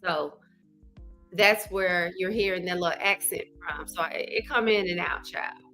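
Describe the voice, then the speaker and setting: A middle-aged woman from Arkansas with a Southern accent, a love coach hosting a casual, energetic livestream and greeting viewers by name. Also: fairly low pitch, a little slow, faint music behind. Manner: chatty, energetic, greets viewers by name, says "y'all" and "child".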